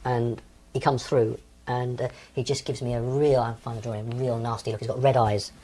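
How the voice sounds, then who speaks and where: A man's voice: mid-range voice, level tone, normal speed, warm tone. A man in his sixties from England, an interview guest recounting personal experiences in a hesitant way, with frequent ums and restarts. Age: 60s.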